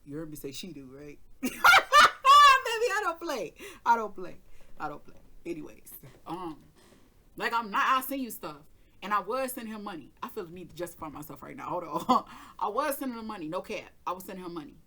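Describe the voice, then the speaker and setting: A woman's voice: on the low side, animated, fast, sharp tone. A woman tarot reader hosting her own channel, telling a personal story in a casual, emphatic way, swearing freely and acting out her side of an argument.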